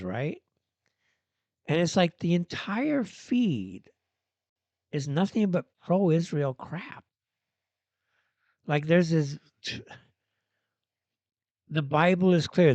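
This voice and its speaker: A man's voice: fairly high pitch, darkish tone, no room sound. A man hosting a solo live-stream commentary show, ranting and sarcastic, with many fillers and restarts. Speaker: host.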